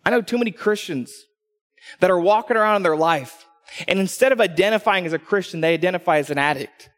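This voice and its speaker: A man with a high voice preaches from a church stage, telling stories and acting out the people in them. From Texas, he slips into voices for quotes. The sound carries with a long hall reverb. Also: fast. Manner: animated storytelling, acting out quotes. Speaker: pastor. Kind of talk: sermon.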